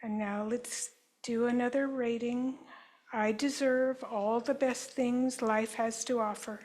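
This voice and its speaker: A woman presenter at a conference, leading the audience through a guided group exercise in measured phrases they repeat after her. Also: a little high, fairly even intonation, a little mellow, low-quality recording. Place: conference session room.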